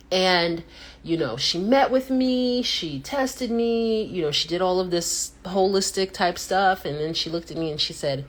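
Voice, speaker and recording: Lively woman telling a story. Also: moderate pace. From United States. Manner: animated storyteller who acts out quotes with sudden pitch jumps. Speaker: host. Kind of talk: casual livestream chat.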